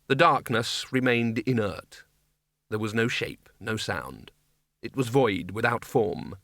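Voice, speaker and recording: Casting: male audiobook narrator, bright and lively, dry close sound. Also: on the low side, takes it slowly, vocal fry, no room sound. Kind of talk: scripted narration.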